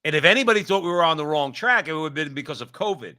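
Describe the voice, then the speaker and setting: A male co-host on a political talk show. His voice is very bright and cutting, set a little high. He hammers points home by repeating phrases. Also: lively intonation, very fast. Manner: emphatic, repeats himself for stress.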